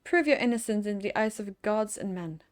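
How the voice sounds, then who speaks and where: A woman's voice: mid-range voice, expressive, normal speed, close to an everyday voice. A woman voicing a cold, stern male inquisitor in a fantasy game, solemn and accusing.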